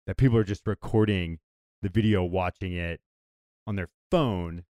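A man co-hosting a podcast, chatting casually and telling stories in an animated way. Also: low-pitched, normal speed, no room sound, studio quality. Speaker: podcast co-host.

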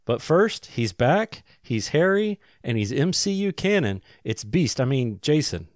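A man hosting a casual podcast, joking in a dry, deadpan way. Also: medium pitch, a little slow, no room sound. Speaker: podcast host. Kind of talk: casual chat.

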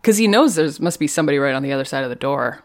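A woman co-hosting a podcast, chatting casually about a TV episode, animated and laughing often. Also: deep voice, racing. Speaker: podcast co-host. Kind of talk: casual chat recapping a TV episode.

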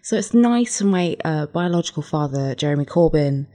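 A woman's voice: low voice, lively intonation, moderate pace, mellow. A young English woman co-hosting a podcast, chatting casually and swearing freely. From England. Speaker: podcast co-host. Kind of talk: casual chat.

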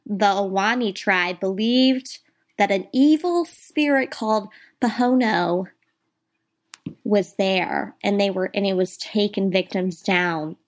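A podcast co-host runs through spooky tales in a loose, chatty way, often turning to address listeners as "you guys." Her voice sits at an everyday middle pitch.

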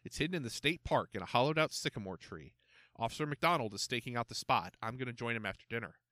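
A man voicing a calm, reassuring police chief and father. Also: medium pitch, fast, dry recording, clean studio sound. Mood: cheerful.

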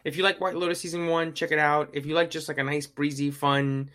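A man's voice: a little high, flat delivery, quick pace, sharp tone. A young man co-hosting a podcast in casual chat, rambling and agreeable with many fillers. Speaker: podcast co-host.

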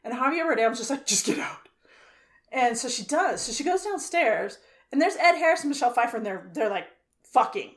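A woman's voice: high-pitched, animated, brisk. A woman co-hosting a casual chat, retelling a movie plot with exasperated laughter and free swearing. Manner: exasperated, laughing storyteller who swears freely. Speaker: podcast co-host.

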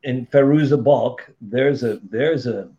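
A middle-aged man tells stories in a casual, blunt way, swearing freely and getting animated as he goes. His voice sits at an ordinary pitch, and the sound is dull and lo-fi. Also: measured pace, slight background noise. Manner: blunt, profane, animated storytelling. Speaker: podcast guest. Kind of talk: casual storytelling.

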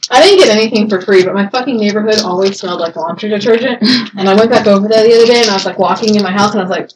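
A woman's voice: medium pitch, very fast, background noise. A woman guest on a podcast, chatting casually and cracking crude jokes. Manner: brash, crude wisecracks. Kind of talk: casual chat.

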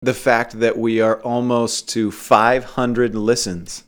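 A man's voice: medium pitch, level tone, takes it slowly. A young man co-hosting a casual comedy podcast, joking and rambling through callbacks. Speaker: podcast co-host. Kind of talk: casual chat.

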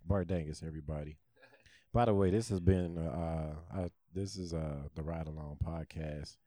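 A man's voice: a bass voice, normal speed, warm tone, no echo. A young man co-hosting a podcast, chatting casually and crudely, swearing and joking in a small room. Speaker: podcast co-host. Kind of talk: casual chat.

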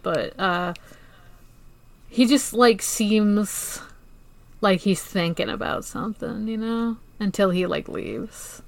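Woman podcast co-host, mid-pitch, rambly and profane. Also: takes it slowly, vocal fry, long pauses. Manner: rambling, lots of "like" fillers and swearing. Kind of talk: casual chat.

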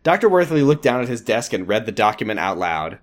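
A man's voice: lowish voice, big pitch swings, fast talker. A man co-hosting a comedy podcast over a voice call, reading a story aloud and breaking into laughter. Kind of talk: comic dramatic reading. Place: home, on a voice call.

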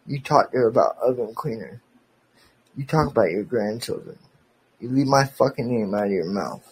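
A man's voice: medium pitch, lively intonation, moderate pace, slightly rough, low-quality recording. A man hosting a podcast, delivering an angry, profane, sarcastic rant aimed at a former friend.

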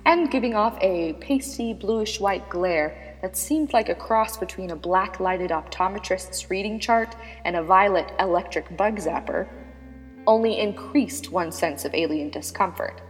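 A woman narrating a serialized story in a measured, dramatic manner. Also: mid-range voice. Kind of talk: scripted audiobook narration. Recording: long reverb with background music.

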